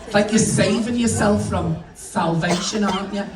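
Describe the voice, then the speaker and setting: A man's voice: high voice, normal speed. A man doing bawdy stand-up comedy on a cruise ship, chatting to the crowd. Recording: echoey room, distant mic, noisy.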